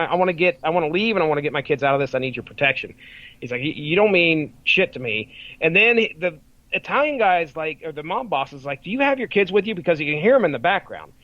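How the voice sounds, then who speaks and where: Male podcast co-host, casual rambling storyteller, slightly high voice, close and dry. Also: sharp tone, no room sound, highs cut off. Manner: rambling retelling, swears and laughs freely. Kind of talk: casual chat.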